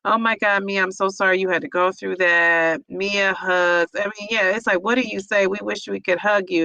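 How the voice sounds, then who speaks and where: A woman's voice: medium pitch, fairly even intonation, moderate pace, creaky, few pauses, bright, forceful tone, dry recording, rough recording. A woman hosting a livestream, reading viewer comments aloud and reacting with empathy and lots of fillers. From United States. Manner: emotional, empathetic, many fillers. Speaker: host reading viewer chat. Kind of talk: casual livestream chat.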